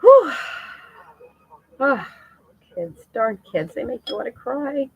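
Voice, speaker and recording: A woman's voice: fairly high pitch, sing-song, slow pace, slightly rough, no room sound, dull audio. A middle-aged woman chatting casually and emotionally on a live stream to her viewers, laughing often.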